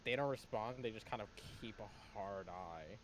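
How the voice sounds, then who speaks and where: A man working as game master, narrating a tabletop game with quick, descriptive lines. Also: lowish voice, slight background noise.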